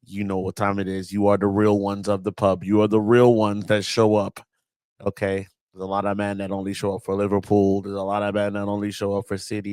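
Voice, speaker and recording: A man's voice: fairly low pitch, a little mellow, clean tone, no room sound. A man with a Southern US accent hosting a casual football reaction, exasperated and slangy, repeating words for emphasis. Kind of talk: casual fan rant.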